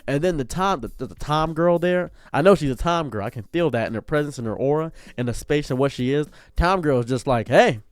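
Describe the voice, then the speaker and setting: A man telling a long casual story as a commentary streamer, acting out the dialogue, jumping from loud outbursts to low mutters. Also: animated, brisk, hardly any pauses, dry recording. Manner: acts out dialogue in his telling.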